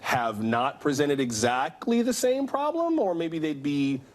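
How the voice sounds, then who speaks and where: A man anchoring a news program, reading a scripted report and then questioning a guest in a clear, measured manner. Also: a little high, very animated. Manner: clear, measured newsreader delivery.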